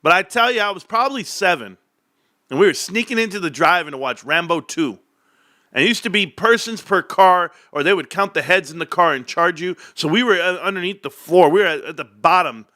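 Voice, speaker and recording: A man's voice: fairly high pitch, animated, moderate pace, bright, forceful tone, no room sound, clean studio sound. A man in his forties rambling and joking to his viewers in a casual rant. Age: 40s. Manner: rambling, joking, tangent-prone. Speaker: stock market vlogger.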